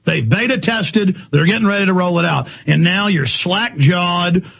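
A man hosting a talk radio show, ranting angrily in a heated monologue with a gravelly, husky voice. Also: sits high, a bit bright. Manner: ranting, angry, rapid-fire. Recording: dull lo-fi broadcast audio.

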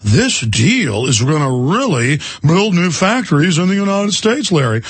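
A man's voice: fairly high pitch, very animated, a little slow, slightly rough, dry recording, full character voice. A man voicing a smug, blustering Southern male politician in a mocking, put-on Southern US drawl.

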